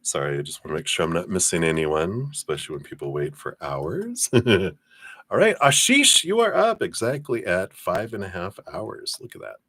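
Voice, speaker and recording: Low deep guy doing live card readings, chatty and kinda hesitant, dry close mic. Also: big pitch swings, normal speed, a bit bright, dry recording. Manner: chatty, reads viewer names and passes on spirit messages. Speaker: tarot reader.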